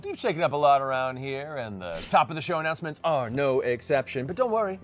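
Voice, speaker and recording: A man's voice: medium pitch, lively intonation, fairly quick. A man hosting the show and reading its opening announcements in a playful, showman-like way. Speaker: show host. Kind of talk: upbeat scripted announcements.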